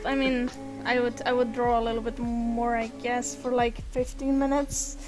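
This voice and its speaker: A woman's voice: a little high, little pitch movement, moderate pace, over loud music, rough recording. A woman chatting casually on a stream call, hesitant and often repeating her words.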